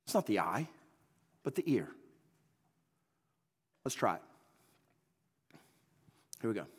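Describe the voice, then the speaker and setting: A man's voice: fairly low pitch, sing-song, slow, breathy edge. A man preaching a sermon in an emphatic, folksy, repetitive way. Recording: long hall reverb.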